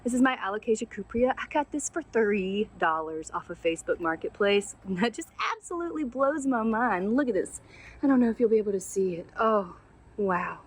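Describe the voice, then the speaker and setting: A woman at an ordinary middle pitch chats her way through a casual houseplant tour outside on a sunny day. She gushes over each plant and pokes fun at her own mistakes, with easy fillers along the way. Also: expressive, a little fast, slightly rough. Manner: chatty, gushing and self-deprecating. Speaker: plant channel host.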